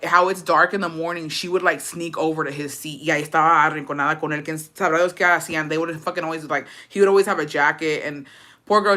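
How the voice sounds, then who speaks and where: A young woman on a livestream telling a story in a blunt, profane, animated way, slipping Spanish phrases into her English. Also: low-pitched. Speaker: livestream host. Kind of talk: casual storytime rant.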